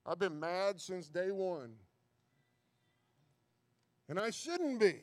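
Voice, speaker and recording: A man's voice: sits high, big pitch swings, slow. A man preaching a sermon who stumbles and repeats words, building into fervent preaching.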